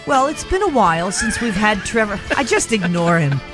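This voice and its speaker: A woman's voice: medium pitch, sing-song, normal speed, over music. A middle-aged woman hosting a talk radio show, chatty and rambling, laughing easily between her words. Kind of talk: casual radio banter.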